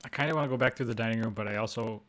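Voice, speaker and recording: A man's voice: lowish voice, very fast, fairly bright tone. A man playing a tabletop game, thinking aloud and speaking hesitantly about his choices. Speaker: player.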